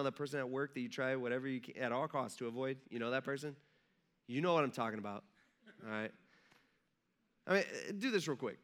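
A young adult man preaching a sermon in a casual, animated, conversational way, full of fillers and direct questions to the listeners. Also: medium pitch.

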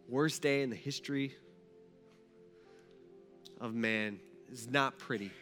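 A man preaching a sermon, moving between hushed storytelling and rising, emphatic passages. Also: fairly high pitch, big-room sound. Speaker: pastor.

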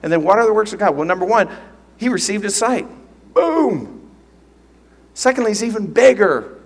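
A man's voice: high voice, fast talker. A man preaching a sermon as pastor, teaching earnestly and emphatically, often repeating phrases. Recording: long reverb of a large hall.

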